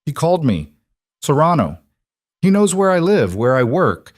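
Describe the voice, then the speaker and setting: Frightened young woman, played by a man, high and pleading, dry and close. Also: sing-song, normal speed, no echo.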